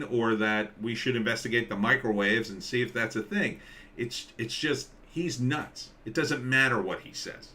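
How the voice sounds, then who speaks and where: A man hosting a live stream, rambling in casual commentary and reading viewer comments aloud, with halting restarts. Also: medium pitch, pushed and bright.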